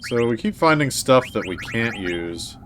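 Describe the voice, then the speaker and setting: A man streaming a video game, chatting casually and reading game text aloud in a relaxed way. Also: mid-range voice, a little slow, very noisy. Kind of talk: casual let's-play commentary. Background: faint game music.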